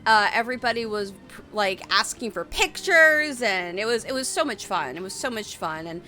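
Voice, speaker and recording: A woman's voice: medium pitch, lively intonation, moderate pace, sharp tone, faint music behind. A woman in her late twenties rambling casually on a live stream, reading out chat messages and answering them. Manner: rambling, chatty, reads chat aloud.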